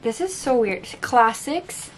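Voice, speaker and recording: A woman's voice: on the high side, animated, slow pace, slight background noise. A tired, sleep-deprived woman with a French accent chatting casually while unboxing books at home, joking at herself and stumbling over words. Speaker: book vlogger. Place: home room with books on the floor.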